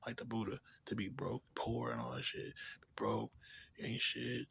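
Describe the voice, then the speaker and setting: A man ranting in a rambling, profane, casual way, drifting between low mutters and louder outbursts. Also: big pitch swings, moderate pace, creaky, slightly rough, no echo. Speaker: vlogger.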